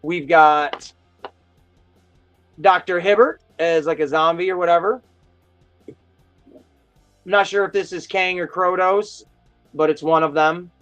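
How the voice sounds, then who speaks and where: A man with a notably high voice hosts a casual live stream and rambles through his stories with eager excitement. Faint music plays underneath him. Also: slow, pauses often, smooth, dull audio. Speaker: host of a toy chat live stream. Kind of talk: casual chat.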